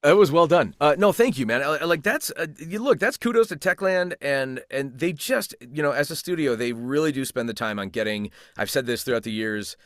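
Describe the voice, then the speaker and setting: A man who is a voice actor, chatting as an interview guest and telling animated stories with many restarts. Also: a little high, brisk, few pauses, dry recording, clean studio sound. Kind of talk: casual interview chat.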